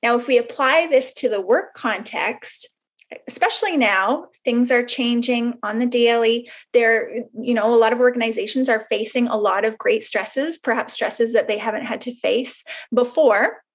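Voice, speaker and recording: A woman's voice: on the high side, moderate pace. A woman counsellor explaining a concept in a webinar, in an explanatory way with fillers and everyday examples. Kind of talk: webinar presentation.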